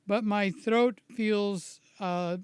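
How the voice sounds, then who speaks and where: A man chatting slowly and casually with live viewers, a little hoarse, greeting people by name and rambling between stories. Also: high-pitched, fairly even intonation, dry recording, clean studio sound. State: slightly hoarse from shouting. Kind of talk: casual live-stream chat.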